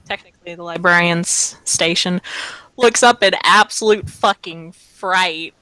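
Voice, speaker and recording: A woman's voice: lowish voice, unhurried, sharp tone, dry recording. A woman narrating as game master in a laid-back, slangy way, swearing freely. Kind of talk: casual tabletop game narration.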